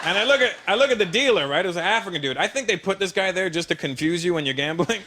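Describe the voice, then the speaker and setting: A man performing a stand-up comedy set before a large audience, telling animated stories and acting out the people in them. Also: sits high, very fast, a crowd in the background, noisy background. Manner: animated, storytelling with voices. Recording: live show with loud audience laughter.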